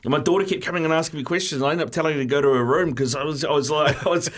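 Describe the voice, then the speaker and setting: A man's voice: fairly high pitch, racing, a bit bright. A man co-hosting a podcast in casual chat, talking in a wry, teasing, self-mocking way. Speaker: podcast co-host.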